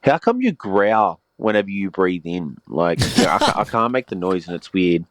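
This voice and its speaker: A man's voice: low voice, very animated, normal speed, no echo. A man leaving a laid-back voice message with casual swearing. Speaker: voice message sender.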